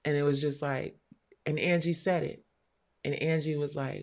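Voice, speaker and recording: A woman's voice: low-pitched, steady tone, moderate pace, creaky, a little mellow. A woman hosting a live stream show, telling a story in a candid, blunt and profane way. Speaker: livestream show host. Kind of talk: casual livestream talk.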